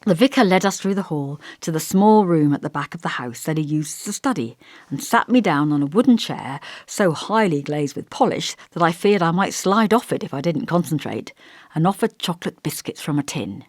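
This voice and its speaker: A woman with a low voice narrates an audiobook in a measured, expressive storytelling style. The recording is dry, with clean studio sound.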